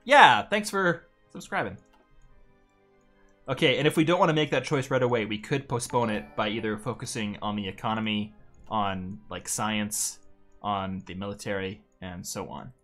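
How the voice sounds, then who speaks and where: A man's voice: on the low side, fairly even intonation, moderate pace, a bit bright, faint music behind. A man streaming a strategy game in casual chat, reading game text aloud, laid-back and swearing freely. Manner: swearing, laid-back, stumbling over names.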